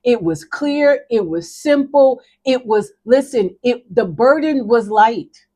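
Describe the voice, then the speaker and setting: A woman's voice: fairly high pitch, animated, slow, darkish tone. A middle-aged woman life coach telling a faith parable in an emphatic, conversational, preachy manner. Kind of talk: motivational talk with a faith parable.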